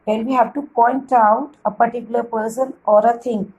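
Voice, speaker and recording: A woman's voice: on the high side, fairly even intonation, normal speed, darkish tone, lo-fi sound. A woman teacher explaining grammar to children in a patient classroom lesson, often checking in with "right?".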